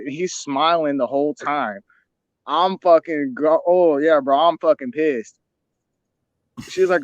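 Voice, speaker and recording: A man's voice: fairly high pitch, normal speed, no echo. A young man telling a heated, profane story in casual chat over a video call. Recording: dull, dry lo-fi call audio.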